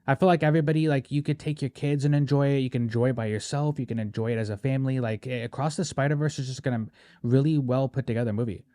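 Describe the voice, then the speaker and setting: A man's voice: medium pitch, fast, no echo, studio quality. Casual man saying "bro" a lot. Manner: casual, animated, peppers speech with "bro" and "right?". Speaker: podcast host. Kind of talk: casual chat.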